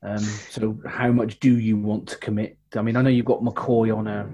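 A man talking casually on a sports podcast, measured and thoughtful. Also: lowish voice, flat delivery, warm tone, dull audio.

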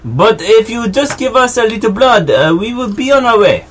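A man playing a fumbling adventurer who puts on a mixed-up European accent and speaks haltingly. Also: high voice, animated, slight background noise. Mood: hesitant.

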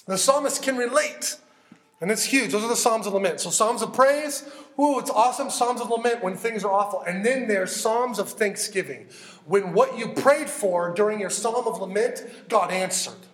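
A man preaching a sermon, animated and conversational, acting out heartfelt prayers as he teaches. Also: high voice, normal speed, echoey room. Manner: animated, acts out prayers in character. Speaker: pastor.

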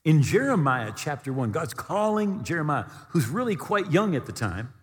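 A man preaching a sermon as pastor, telling the story with animated delivery and acting out the voices of the figures he quotes. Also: on the high side, normal speed, husky. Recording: long reverb of a large hall.

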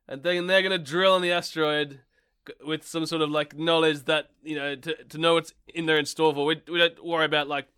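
A young man co-hosts a podcast in a casual, joking way. His voice is smooth and bright, set a little high for a man, and he teases his mate and laughs often. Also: flat delivery, brisk. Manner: playful, teasing, laughs often. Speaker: podcast co-host. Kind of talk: casual comedic chat.

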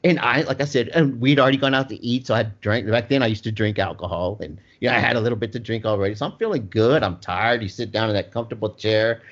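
A man's voice: lowish voice, quick pace, few pauses. A man telling a long funny story in casual chat, laughing often as he goes. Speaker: storyteller guest. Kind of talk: casual anecdote. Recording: dull lo-fi sound.

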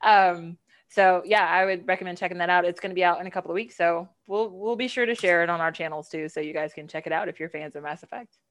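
A woman's voice: on the low side, fast talker. A woman co-hosting a podcast, talking casually and enthusiastically. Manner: enthusiastic, laughs easily. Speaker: podcast co-host.

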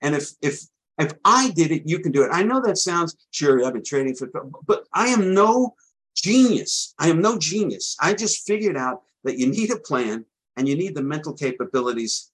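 A middle-aged man, a trading coach, giving a rambling sales pitch for his course and often stammering and restarting. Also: lively intonation, moderate pace, a bit bright, husky, poor audio.

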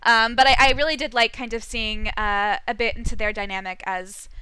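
A woman's voice: a little high, steady tone, normal speed, sharp tone, clear, resonant tone, dry recording. A young woman co-hosting a casual TV recap podcast, chatty, laughing often and full of likes and ums. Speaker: podcast co-host.

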